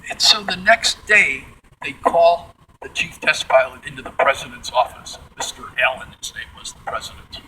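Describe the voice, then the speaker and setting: A man from the Midwest, guiding a museum tour and telling stories in an animated way. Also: a little high, moderate pace, slight background noise, low-quality recording. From Midwestern United States. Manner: animated, acts out quotes in character voices. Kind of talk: storytelling tour talk. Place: large museum hangar, indoors.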